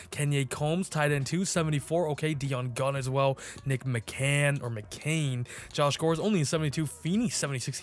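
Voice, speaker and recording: A young man casually commenting on his own video game play, excitable and slangy, swinging between hype and groaning. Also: mid-range voice. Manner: slangy, says bro. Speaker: gaming YouTuber.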